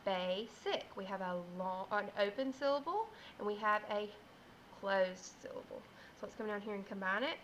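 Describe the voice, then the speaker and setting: A woman teaching phonics to small children, her voice bright and forward. She stretches out the sounds and says each letter slowly and clearly. A faint hiss runs under the recording. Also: mid-range voice, poor audio. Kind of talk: phonics lesson for young children.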